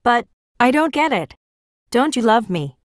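A woman's voice: on the high side, big pitch swings, unhurried, no room sound, clean studio sound. A woman voicing an insecure, pouty teenage girl in an audiobook. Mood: pleading.

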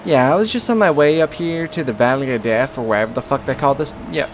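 A man's voice: mid-range voice, quick pace, slight background noise. A man giving rambling, profane let's play commentary as a gaming channel host, slipping into mock panic.

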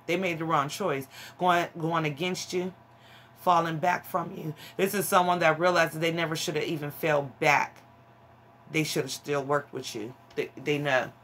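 A woman's voice: deep voice, steady tone, normal speed, fairly bright tone. A woman giving a casual tarot reading to her viewers, frank and emphatic, calling them honey and child. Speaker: tarot reader.

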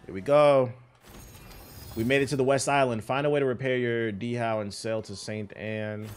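A man's voice: mid-range voice, fairly even intonation, normal speed. A man giving casual, profane, joking commentary while playing a video game on stream. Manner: loose, profane, laid-back joking.

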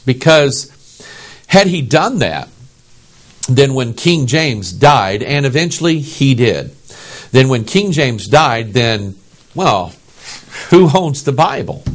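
Man from the US, pastor, preaching with a lively, swinging voice; emphatic, keeps asking "okay?". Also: mid-range voice. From United States. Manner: animated, emphatic, asks the audience "okay?". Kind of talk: sermon.

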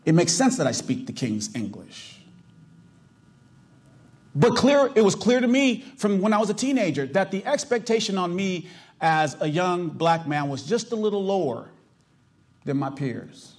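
A man's voice: high-pitched, big pitch swings, a little slow. A middle-aged male pastor from the US South with a Californian accent, preaching emphatically and asking the congregation rhetorical questions. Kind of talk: sermon.

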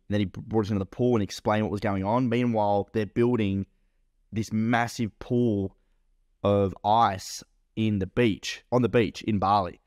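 A man's voice: lowish voice, darkish tone, no room sound, studio quality. A man co-hosting a podcast, telling a story in a rambling, casual way, full of fillers and swearing. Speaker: podcast co-host and business owner.

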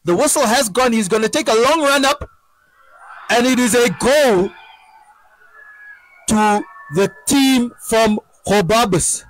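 A man giving excited live football commentary, breaking into shouts at chances and goals. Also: very high-pitched, slow, pauses often, slight background noise, poor audio.

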